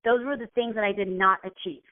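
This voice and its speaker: Earnest woman coach, mid-pitched, rambling with restarts, heard over a tinny phone line. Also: fairly even intonation, brisk. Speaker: motivational coach. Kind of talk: casual motivational talk.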